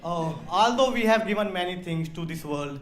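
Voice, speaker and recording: A man from India with an Indian accent, doing a slow, deadpan stand-up comedy set on a club stage. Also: sits high. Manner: slow, deadpan delivery with crude punchlines. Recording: roomy live club sound with audience.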